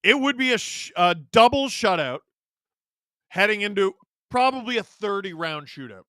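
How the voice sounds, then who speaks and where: High-voiced sarcastic male stream host. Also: animated, normal speed, a bit bright, no room sound, clean studio sound. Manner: sarcastic, joking banter. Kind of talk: casual watch-along commentary, reading chat.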